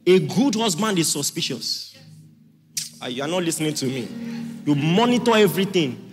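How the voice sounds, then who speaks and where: A male pastor preaching a sermon in a church, forceful and repetitive, often asking the congregation if they are listening. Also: high voice, sing-song, moderate pace. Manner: forceful preaching, repeats lines, asks audience if listening. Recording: hall reverb with faint music.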